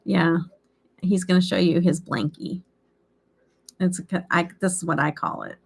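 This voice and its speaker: A woman's voice: lowish voice, steady tone, unhurried, gravelly, husky. A middle-aged woman hosting a beauty live stream, chatting casually and laughing often. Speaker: beauty channel host.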